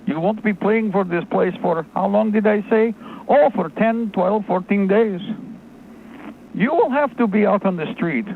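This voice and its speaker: A man voicing a cold, smug male government bureaucrat with a mock-Soviet manner, speaking in slow, clipped, condescending phrases. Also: high-pitched, vocal fry. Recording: tinny phone-line audio, faint noise.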